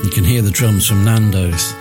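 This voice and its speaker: A man's voice: on the low side, normal speed, loud music behind the voice. A man presenting a late-night radio show, chatty and jokey, poking fun at himself between song links. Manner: chatty, jokey and self-mocking.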